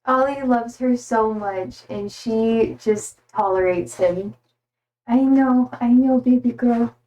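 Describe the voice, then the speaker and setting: Bubbly high-voiced young woman streamer. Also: slow, mellow, low-quality recording. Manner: bubbly, gushing over her cats with baby talk. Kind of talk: casual live-stream chat.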